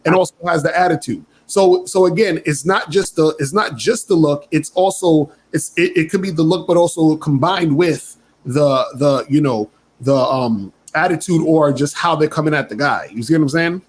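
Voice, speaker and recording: A man's voice: a little high, moderate pace, breathy edge. Rambling man on a stream panel. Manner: rambling, checking in with "you see what I'm saying".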